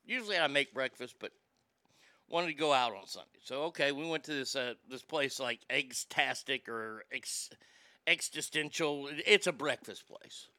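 A man's voice: mid-range voice, moderate pace, pushed and bright, dry recording. A man hosting a podcast, reading out listener messages and telling a story in a loose, profane, laughing way. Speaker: podcast host. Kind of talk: casual storytelling chat.

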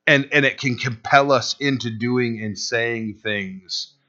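Bright-voiced man preaching a sermon. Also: medium pitch, slow pace, lo-fi sound. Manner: preaching with sharp swings between loud and hushed delivery, acting out quotes. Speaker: pastor.

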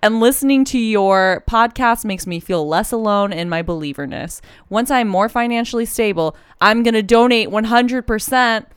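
A woman's voice: on the high side, moderate pace, few pauses, slight background noise. A woman co-hosting a podcast, reading listener letters aloud in an effusive, chatty way. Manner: effusive, reads listener mail aloud, tearful when moved. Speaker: podcast co-host. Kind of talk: casual chat. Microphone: handheld mic.

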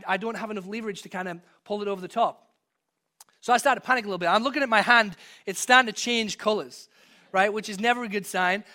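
High bright guy preaching, chatty storyteller, swells up loud on the big points. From from outside the US. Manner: storytelling, conversational, builds to emphatic peaks. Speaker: pastor. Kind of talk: sermon.

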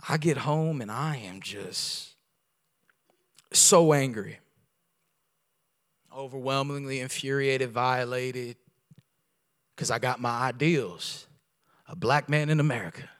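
Animated, bright-voiced male preacher. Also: mid-range voice, takes it slowly, long pauses. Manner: animated storyteller, rising to loud preaching. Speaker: guest pastor. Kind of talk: sermon with storytelling. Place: church sanctuary.

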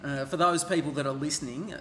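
A man's voice: fairly high pitch, fast, fairly bright tone. An Australian man co-hosting a podcast, making earnest points with some hesitations. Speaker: podcast co-host. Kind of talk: casual podcast discussion. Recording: roomy studio with faint noise.

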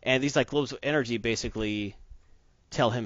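A man's voice: medium pitch, fairly bright tone, no room sound. Opinionated man rambling about comics. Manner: opinionated, rambling, acts out characters in quick voices. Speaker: podcast co-host. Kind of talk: casual comic book review chat. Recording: dull lo-fi dry sound.

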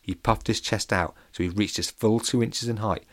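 Low-voiced playful storybook narrator. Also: male voice, steady tone, normal speed, hardly any pauses, dry recording, studio quality. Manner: playful, wry.

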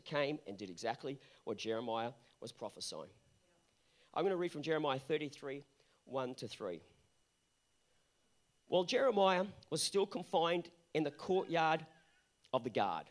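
High-voiced male pastor preaching. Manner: earnest preaching with rising emphatic peaks. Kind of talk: sermon.

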